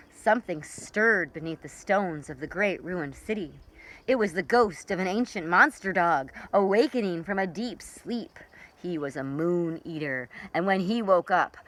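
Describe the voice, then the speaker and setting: A woman librarian reading a children's picture book aloud in an expressive storytelling way. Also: fairly low pitch, a little hiss or hum, poor audio.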